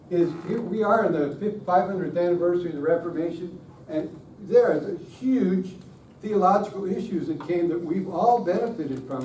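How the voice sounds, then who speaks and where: A man's voice: a little high, warm tone. Man giving a joking worship talk. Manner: self-deprecating, joking with the audience. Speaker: conference speaker on worship. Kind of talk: lively conference talk. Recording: roomy, distant room mic, faint hiss.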